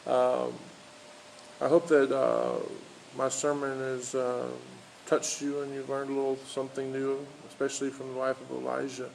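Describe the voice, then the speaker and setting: A pastor delivers a loose, unscripted sermon in a gravelly voice, stopping and restarting as he goes. He tells his story plainly, with many fillers. Faint background noise sits under his voice. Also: mid-range voice, completely flat delivery, normal speed, a little mellow, low-quality recording. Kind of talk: informal outdoor sermon with storytelling. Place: outdoors in a park.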